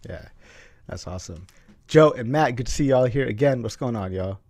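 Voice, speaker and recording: A man's voice: mid-range voice, animated, normal speed, darkish tone, dry recording. A man hosting a casual online group chat, laid-back and peppering his talk with "man". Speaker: host.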